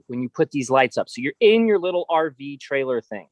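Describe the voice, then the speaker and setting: A man's voice: mid-range voice, expressive, brisk, no echo. A man hosting a casual livestream, talking bluntly and ranting at times. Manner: blunt, gets worked up ranting. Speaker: host.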